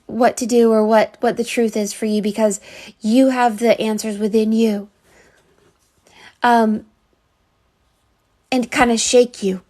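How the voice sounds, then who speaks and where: A woman working as a psychic reader gives a live reading, earnest and rambling, full of fillers and restarts. Her voice is fairly high with a darkish tone.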